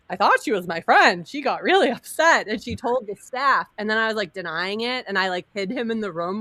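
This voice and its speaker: A woman in her thirties telling a wild personal story in casual chat, animated and laughing, acting out quotes over a video call. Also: mid-range voice, no room sound.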